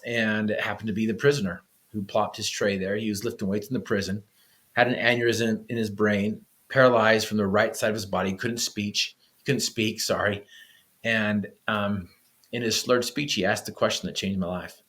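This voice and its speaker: A man's voice: lowish voice, fairly even intonation, moderate pace, a bit bright. Earnest man telling a personal story. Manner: earnest storyteller with frequent restarts. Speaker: podcast guest.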